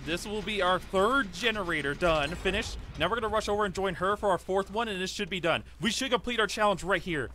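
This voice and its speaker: Brief: young male gaming streamer, higher-pitched voice, excitable play-by-play, faint hiss behind. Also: fairly quick. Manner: excitable, pleading and cheering during play. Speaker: gaming YouTuber. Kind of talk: live gameplay commentary.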